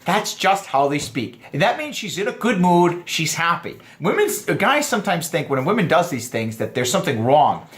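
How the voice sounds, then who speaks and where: A man giving dating advice to other men, lively and explaining point by point, acting out quoted lines in funny voices. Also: on the high side, moderate pace, hardly any pauses. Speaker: dating coach. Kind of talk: instructional vlog talk.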